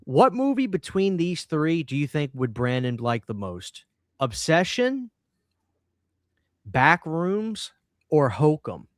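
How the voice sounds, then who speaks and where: A man co-hosting a live-streamed podcast, talking in a chatty, animated way and often cutting in on his guest. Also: a little high, takes it slowly, no room sound, studio quality. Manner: animated, chatty, talks over others. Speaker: podcast co-host. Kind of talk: casual live-stream chat.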